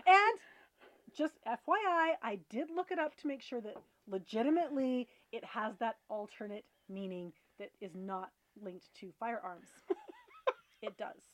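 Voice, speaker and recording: A woman's voice: a little high, a little slow, pauses often, dry recording. A woman in her thirties co-hosting a casual chat show, with wry, playful jokes. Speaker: podcast co-host.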